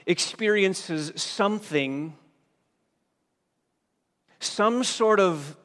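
A male pastor preaching a sermon, dropping to a hush and then rising to loud, forceful emphasis. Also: a little high. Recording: long hall reverb.

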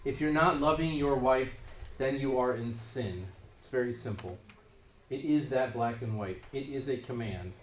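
A man's voice: mid-range voice, normal speed, a little hiss or hum. A man preaching a sermon, pressing his points with emphatic rises in force. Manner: emphatic, rising in force on key phrases. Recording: roomy echo, voice from a distance.

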